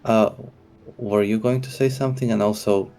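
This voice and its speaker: A man's voice: on the low side, fairly even intonation, moderate pace, dark tone, soft background music. A man playing a tabletop game, thinking aloud and hesitant about choices. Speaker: player. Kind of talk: casual chat at a game table.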